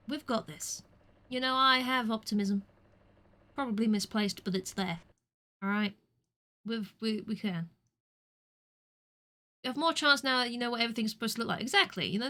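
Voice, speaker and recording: A woman streamer chatting casually over a game, self-mocking and prone to sudden loud shouting. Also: on the high side. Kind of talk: casual gameplay commentary. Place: home.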